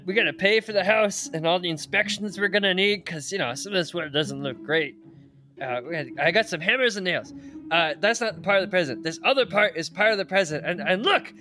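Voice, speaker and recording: A man playing his character in a tabletop game, rambling excitedly with many restarts. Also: high-pitched. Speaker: player. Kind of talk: tabletop role-play in character.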